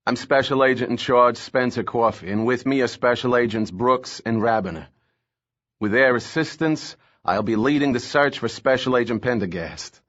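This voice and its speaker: A man's voice: medium pitch, moderate pace, fairly bright tone, lo-fi sound, voice pushed up, close to an everyday voice. A man voicing an angry, stocky federal agent in charge who speaks in a curt, abrasive way. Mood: brusque.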